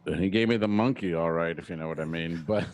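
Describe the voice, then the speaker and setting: Rambling deadpan comedian, Rhode Island accent. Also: male voice, low voice, brisk. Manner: rambling storyteller, deadpan complaints, frequent fillers. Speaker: comedian and podcast co-host. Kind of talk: casual comedy podcast chat.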